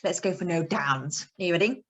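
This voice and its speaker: A woman's voice: lowish voice, fairly quick, a bit bright, slightly rough. A woman teaching young children in an online lesson, talking in an encouraging, sing-song way. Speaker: early years teacher.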